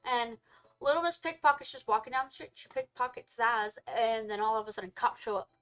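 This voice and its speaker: A young woman in a casual couple's film review, rattling through the plot with lively energy. She jumps into quick voices for each character as she goes, laughing and backtracking when she gets names wrong. Her pitch sits mid-range but swings around as she tells it. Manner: animated storytelling, acting out characters in quick quotes.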